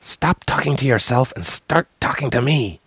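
A man's voice: fairly low pitch, big pitch swings, moderate pace, dry recording, pitched above the performer's own voice. A man voicing a fierce, angry young half-dragon woman who speaks harshly.

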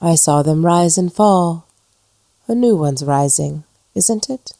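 A woman voicing a despairing woman ghost trapped for decades, with a slow, moaning, haunted delivery. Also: fairly low pitch, lively intonation, creaky, warm tone, no echo, exaggerated voice. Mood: eerie.

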